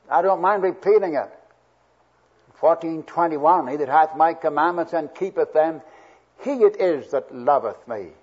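A man's voice: fairly high pitch, slightly rough. A man preaching a sermon verse by verse, earnest and swelling with emphasis on key words. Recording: dull lo-fi old recording.

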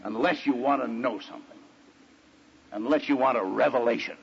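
A man preaching a storytelling sermon in an animated way, with his voice jumping high whenever he quotes someone. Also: fairly quick, creaky. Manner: animated, jumps high when quoting others. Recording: dull lo-fi recording with faint hiss.

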